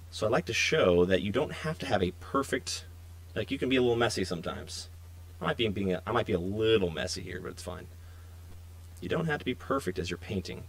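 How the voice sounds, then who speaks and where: A young man with a lowish voice hosts a casual painting stream. He chats with viewers in a loose, friendly ramble as he works, recorded close and dry with no room sound. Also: dry recording. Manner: relaxed, chatty, talks to viewers while working. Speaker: miniature painting stream host.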